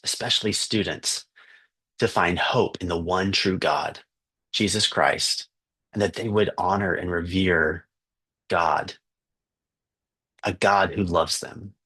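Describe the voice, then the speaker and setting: A man's voice: sits low, takes it slowly, fairly bright tone, slightly rough. A man, a missionary teacher, earnestly telling a story for fundraising, with fillers and restarts.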